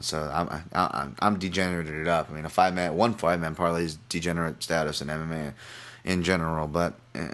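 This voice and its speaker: A man's voice: sits low, a bit bright. A man hosting a podcast, talking through his fight picks in a rambling, self-deprecating way, often restarting sentences. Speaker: podcast host. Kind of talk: casual betting analysis monologue.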